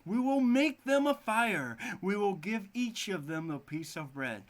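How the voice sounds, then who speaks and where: A man voicing a cold, scheming stepmother in a storybook reading, loud and scolding. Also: mid-range voice, lively intonation, a little slow, voice pushed up, close to an everyday voice.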